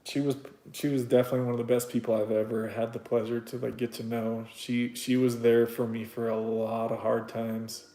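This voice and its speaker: A man talks on a live stream at a middling pitch, and his voice stays fairly level and flat. He is candid and swears freely, stopping and restarting as he reads viewer comments aloud. The room around him is noticeably echoey. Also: brisk.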